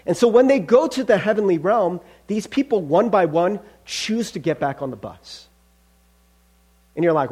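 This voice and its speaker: A man's voice: sits high, animated, moderate pace, a little mellow, husky. A male pastor preaching a conversational sermon, calling listeners friends.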